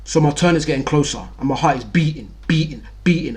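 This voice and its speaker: Young man, storyteller host, frank and vivid, slightly high voice. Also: quick pace, hardly any pauses. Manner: candid, vivid, repeats words for emphasis. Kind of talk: personal storytelling monologue.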